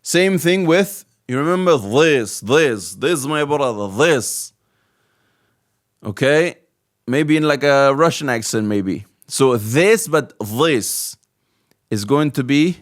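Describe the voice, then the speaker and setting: This Arabic teacher has a mid-range, expressive voice and never rushes. Step by step, he works through the alphabet, patiently repeating the sound of each letter in a slow lesson.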